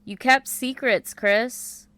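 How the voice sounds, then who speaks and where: A woman reading a calm, blunt young woman of twenty in an audiobook, firm and matter-of-fact. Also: a little high, slow pace, smooth, dry recording.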